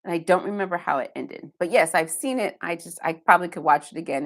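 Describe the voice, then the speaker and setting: A woman's voice: mid-range voice, expressive, a little fast, few pauses. A woman hosting a casual live stream from her home basement, chatting loosely and answering viewer comments one by one, with self-deprecating asides. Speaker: live-stream host reading viewer chat.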